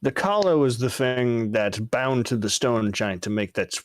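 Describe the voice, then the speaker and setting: A man's voice: mid-range voice, a little slow. A man in a tabletop game talking in character, casual and curious, asking questions. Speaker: player. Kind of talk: in-character tabletop role-play.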